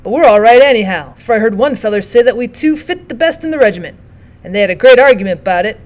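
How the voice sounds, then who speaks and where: A woman voicing a young soldier who complains loudly about an injustice, in plain folksy speech. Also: medium pitch, very fast, lightly acted. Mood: aggrieved. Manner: plain rural talk, complaining. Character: aggrieved young male soldier, stout-hearted.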